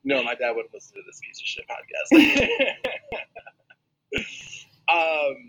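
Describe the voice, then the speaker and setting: A man co-hosting a podcast in casual chat, animated and jokey. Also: fairly high pitch, slow pace, husky, rough recording. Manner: animated, jokey, breaks into mock voices. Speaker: podcast co-host.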